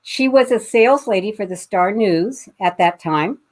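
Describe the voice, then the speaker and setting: A woman's voice: mid-range voice, animated, normal speed. A middle-aged woman from Pasadena, a guest author, telling a family anecdote in casual conversation with many fillers and restarts. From Pasadena, California.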